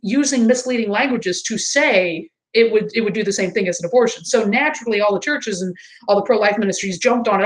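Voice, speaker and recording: A woman hosting a casual livestream, chatting and answering chat comments, sometimes mimicking others in high exaggerated voices. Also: quick pace, low-quality recording. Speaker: livestream host.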